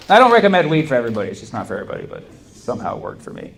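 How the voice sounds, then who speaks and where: This male stand-up comedian has a high, animated voice and a quick pace, chatting loosely and laughing through punchlines. Crowd noise runs throughout the live recording from the comedy club stage.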